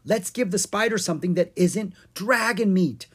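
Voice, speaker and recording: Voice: mid-range voice, normal speed, breathy edge, voice pushed up. A reader voicing a jumpy, complaining young male dragon in a children's storybook, squealing when scared. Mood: whiny.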